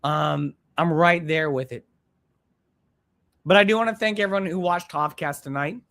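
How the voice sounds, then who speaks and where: A man's voice: a little high, moderate pace, a bit bright. A man hosting a live stream, ranting bluntly and profanely while reading viewer comments in a rambling way.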